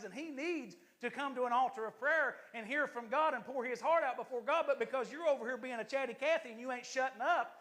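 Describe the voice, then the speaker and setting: A man, an assistant pastor, preaching a lively, joking sermon to his church congregation. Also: very high voice.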